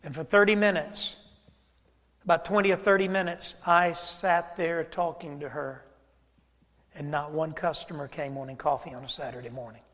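Preacher telling a story in a church hall. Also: male voice, fairly high pitch, fairly even intonation, normal speed, fairly bright tone. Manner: storytelling, acts out both sides of a conversation. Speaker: pastor. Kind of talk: sermon.

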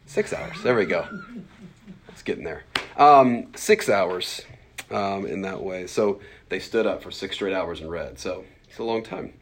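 A man in his mid-forties with a very low voice, teaching a Bible class. He talks quickly and loosely, with plenty of fillers, and keeps breaking into little acted-out voices to make his points. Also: slight background noise. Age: 40s. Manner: fast-talking, animated, lots of fillers and acted-out asides.

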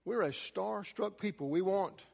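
High-voiced preacher in an echoing church. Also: male voice, unhurried, creaky, a little mellow. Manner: emphatic, rising and falling preaching delivery. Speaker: pastor. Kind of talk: sermon.

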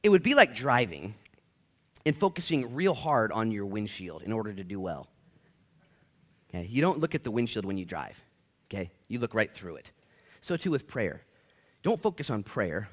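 A man's voice: lowish voice, big pitch swings, moderate pace, pauses often. A man preaching a sermon, casual and conversational, acting out little asides as he teaches. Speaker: pastor. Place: church.

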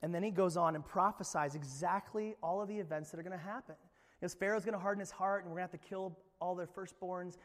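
A young adult male pastor preaching a sermon in an animated, dramatic way with playful asides. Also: high voice, fast talker, big-room sound.

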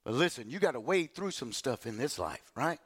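A man preaching a sermon in a church, animated, repeating words and acting out the people in his story. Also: mid-range voice, moderate pace, slightly rough. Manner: animated, repeats words, acts out quotes in voices.

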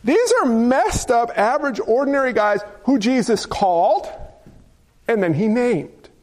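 A man with a notably high voice delivering a sermon. He preaches with a playful streak, tossing in jokey asides and rhetorical questions to the congregation. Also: lively intonation, measured pace, darkish tone. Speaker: pastor.

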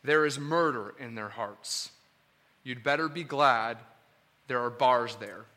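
A man voicing a stern male zookeeper who gives a grave warning, in a lower, weighty tone. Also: slow, bright, forceful tone. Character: stern male lion keeper at a zoo.

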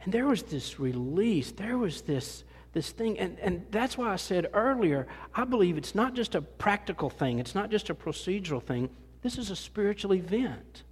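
Preacher guy, kinda high voice, chatty and self-mocking, lots of restarts, echoey church hall. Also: big pitch swings, normal speed, husky. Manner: folksy and self-deprecating, rambling with many restarts. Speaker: pastor. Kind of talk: conversational sermon. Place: church sanctuary. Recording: long hall reverb.

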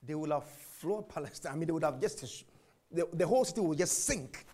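A man preaching a sermon, asking and answering his own questions, jumping from shouts to whispers. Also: a little high, fairly quick. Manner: animated, swings from shouts to whispers.

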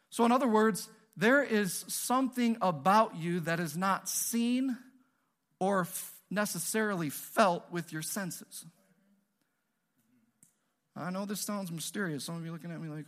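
A male pastor preaching a sermon in an animated, joking, conversational way, often asking the audience questions. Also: high-pitched, normal speed.

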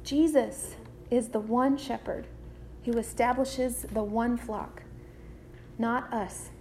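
A woman preacher delivering a sermon in a measured, deliberate way, repeating key phrases. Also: fairly high pitch, steady tone, dark tone, slight background noise.

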